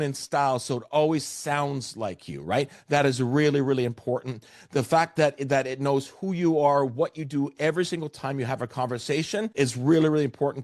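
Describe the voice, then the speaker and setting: A Canadian man presents a webinar over a video call with energy and emphasis, doubling up words as he drives his points home. His voice sits in an average pitch, and the sound is dry and close. It has the feel of a coach talking straight to his audience. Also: a little mellow, no room sound.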